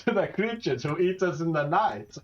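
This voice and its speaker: A man's voice: a little high, sing-song, moderate pace, a little hiss or hum, pitched above the performer's own voice. A man doing a grandiose prehistoric lemur king, Jurassic Julian. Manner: grandiose, giggly. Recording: dull lo-fi mic.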